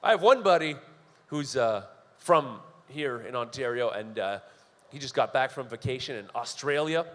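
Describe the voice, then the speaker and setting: A young Canadian man performs stand-up with a mid-range, slightly bright voice and lively intonation. His stories are sardonic, profane, and briskly told, and the long reverb of a live venue hall surrounds him.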